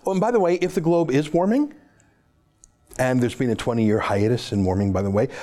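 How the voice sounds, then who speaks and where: A man's voice: medium pitch, fairly quick, warm tone. A man hosting an opinionated political monologue, talking in a sarcastic, mocking and emphatic way. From Canada. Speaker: political commentator host.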